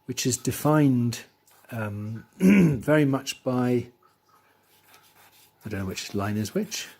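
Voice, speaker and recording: A man teaching drawing, talking through his steps as he works and trailing off quietly into asides. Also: medium pitch, expressive, slow. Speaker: art teacher. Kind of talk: drawing tutorial voice-over.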